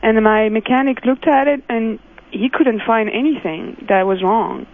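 A woman's voice: on the high side, measured pace. A French woman with a French accent, calling in to a radio show and laughing often as she talks. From France. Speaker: caller. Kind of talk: phone-in radio call. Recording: tinny phone line.

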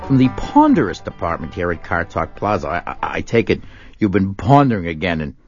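A man's voice: low-pitched, wildly swooping pitch, fairly quick, darkish tone, breathy edge, no echo, lo-fi sound, soft background music. A man co-hosting a call-in radio show, making dry, wry quips. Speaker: radio co-host. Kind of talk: joking radio banter.

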